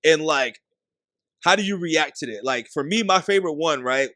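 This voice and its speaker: A man's voice: on the high side, animated, normal speed, sharp tone, no room sound, clean studio sound. A man hosting a podcast in casual, slangy chat, laughing often, with a Boston accent. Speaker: podcast host.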